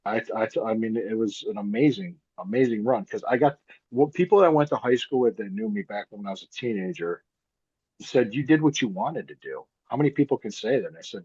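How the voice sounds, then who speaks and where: A man's voice: on the low side, warm tone, husky, no room sound, highs cut off. A man, a wrestler guest chatting casually, rambling and repeating himself with frequent laughs. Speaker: guest, pro wrestler and podcaster. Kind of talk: casual interview chat.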